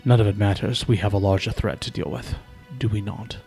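A man's voice: fairly low pitch, creaky, mellow, slightly rough, soft background music, heavily acted. A man playing a grave, scheming old noble counselor. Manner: grave, measured, coldly pragmatic.

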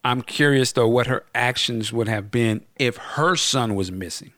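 A man's voice: mid-range voice, unhurried, no echo, studio quality. A man hosting a podcast, talking casually and animatedly about a film, using slang and acting out what characters say. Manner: animated, slangy, acts out quotes. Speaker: podcast host reviewing a film. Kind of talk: casual movie review chat.

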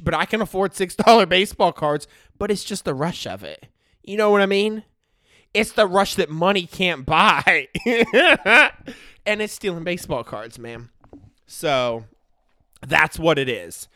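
A man's voice: sits high, animated, measured pace, bright, forceful tone, no room sound, clean studio sound. A man in his thirties telling a comic story in a slangy way, checking in with the listener all the time. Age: 30s.

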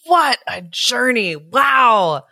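A woman's voice: fairly high pitch, very animated, bright, forceful tone, dry recording, clean studio sound. Enthusiastic woman podcast co-host chatting. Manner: enthusiastic, laughs often, quick reactions. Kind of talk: casual chat.

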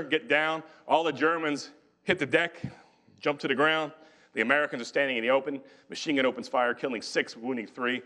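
A man lecturing on history in a hall, his voice bright and forceful. He tells the story with energy and briefly acts out the people he quotes. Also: mid-range voice.

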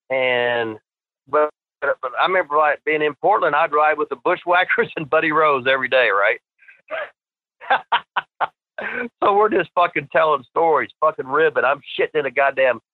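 A man's voice: mid-range voice, no echo. An older man, a retired wrestler, telling rambling, profane stories as an interview guest. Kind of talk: casual storytelling interview. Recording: tinny phone line.

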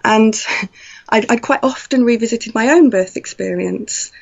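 A woman telling a personal story in an animated way, acting out her own past thoughts. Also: fairly high pitch, unhurried, creaky. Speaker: guest. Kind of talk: conversational storytelling. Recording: slightly dull lo-fi audio.

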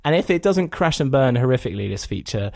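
A man's voice: medium pitch, very animated, quick pace, vocal fry, darkish tone, no echo, clean studio sound. A man hosting a podcast, chatting casually and with a wry, joking manner. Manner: wry and jokey. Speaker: podcast host. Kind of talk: casual chat.

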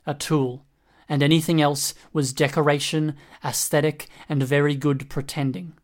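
A man voicing a cold, calculating male hacker who speaks in a flat, dismissive way in an audiobook reading. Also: on the high side, normal speed, lightly acted.

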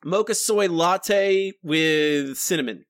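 A man's voice: high-pitched, slow pace, fairly bright tone, dry recording, clean studio sound. A man co-hosting a podcast in casual chat, jokey and self-deprecating. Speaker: podcast co-host.

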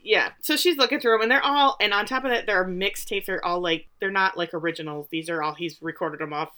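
A woman retells a TV episode for her podcast, her bright, forceful voice carrying a casual, animated recap. She slips in and out of the characters' lines as she goes. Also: on the low side, fast. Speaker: podcast co-host.

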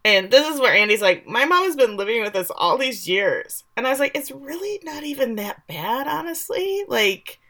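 A woman's voice: high-pitched, sing-song, moderate pace, hardly any pauses, fairly bright tone. A woman co-hosting a podcast, casually recapping episodes and quoting the characters with animation. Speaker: podcast co-host.

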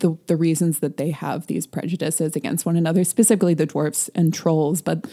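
A woman talking through a novel in loose, casual conversation, laughing often and putting on mocking voices for quotes. Her voice sits low, with a warm, mellow tone. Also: fairly even intonation, a little fast. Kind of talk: casual book discussion.

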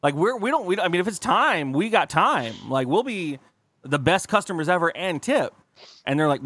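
A man's voice: high voice, very animated, normal speed, a bit bright, no echo. A man co-hosting a podcast, telling rambling profane stories in casual chat and acting out the people he quotes. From California. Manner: rambling, swears a lot, acts out quoted people. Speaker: podcast co-host.

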